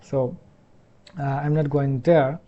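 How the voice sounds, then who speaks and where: A man from Bangladesh with a Bangladeshi accent, a Bangla speaker teaching English pronunciation in a halting way, repeating each sound many times. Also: mid-range voice, flat delivery, highs cut off. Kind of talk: explanatory lesson.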